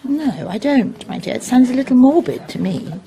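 A breezy, gushing middle-aged mother in a radio play, with a raised pitch that swoops lively up and down. She chatters on fondly and fusses over her children. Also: moderate pace.

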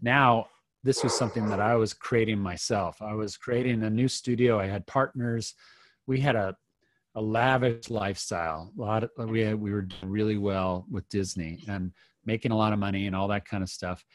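A man's voice: fairly low pitch, fairly even intonation, moderate pace. A middle-aged man, a podcast guest, telling a personal story in an earnest, reflective way with many restarts.

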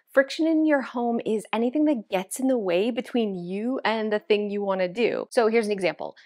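A woman's voice: medium pitch, a little mellow, dry recording, studio quality. A middle-aged woman and home-organizing vlogger, chatting casually to the camera while sorting her clothes, self-mocking and talking to herself. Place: walk-in closet at home.

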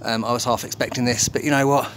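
A man's voice: medium pitch, fairly even intonation, fast, noisy background. A man vlogging casually on his phone while travelling, upbeat and chatty, with many ums and laughs. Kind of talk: casual travel vlog narration. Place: outdoors and in a restaurant, on the move. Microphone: phone held in hand.

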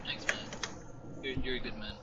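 A man chatting casually with online teammates over a headset, laid-back and quick to apologize, swearing now and then. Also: muffled recording, over a noisy crowd. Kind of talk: casual voice chat.

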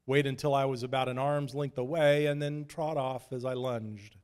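A man's voice: medium pitch, steady tone, normal speed, darkish tone, clear, resonant tone. A man from Idaho telling a wry, self-deprecating story as a preacher in a sermon. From Idaho, USA.

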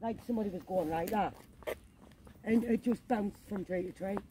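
A woman ghost hunting outdoors in a cemetery at night, talking into a handheld camera in an excitable, frightened way and swearing often. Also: mid-range voice, normal speed, noisy background. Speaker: paranormal vlogger. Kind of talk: live ghost-hunting commentary.

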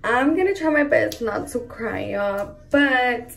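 A woman's voice: a little high, expressive, slow pace, creaky, recorded from a distance. A young woman and mother vlogging in casual chat to camera, emotional and gushing, often saying "like" and "y'all". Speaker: mom vlogger.

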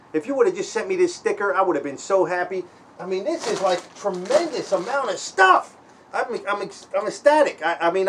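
Excited man with a high voice. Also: slight background noise. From Baltimore, Maryland. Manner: excited, grateful, repeats "man" and "guys"; breaks into a heartfelt spoken prayer. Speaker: vlogger opening a gift package. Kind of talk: casual unboxing vlog.

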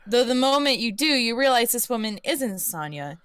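A woman's voice: fairly high pitch, big pitch swings, normal speed, fairly bright tone, clean tone, no room sound. A woman co-streaming a story game, reading aloud and chatting hesitantly. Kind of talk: casual chat and reading.

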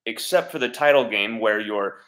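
A man's voice: fairly low pitch, moderate pace, a bit bright, rough recording. A man hosting an interview, talking in an encouraging, enthusiastic and reassuring way. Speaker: interview host.

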